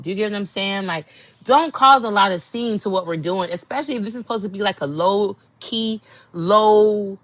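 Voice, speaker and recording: A woman hosts her own podcast and tells a dating story in a casual, animated way. Her voice sits in a middle range, and she acts out every quote with attitude. The recording is dry and close, with no room sound. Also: mid-range voice, no room sound. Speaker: podcast host.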